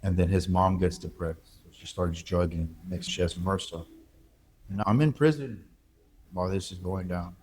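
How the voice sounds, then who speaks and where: A man speaks as an interview guest. He tells his story candidly, halting now and then as he reflects. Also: low-pitched, darkish tone, a little hiss or hum. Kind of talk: emotional personal interview.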